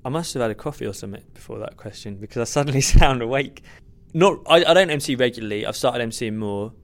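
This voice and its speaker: A man's voice: medium pitch, expressive, fast. A young man, a stand-up comedian, answering interview questions in a rambling, self-deprecating way with many restarts. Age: young adult. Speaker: stand-up comedian, podcast guest. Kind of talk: earnest conversational interview.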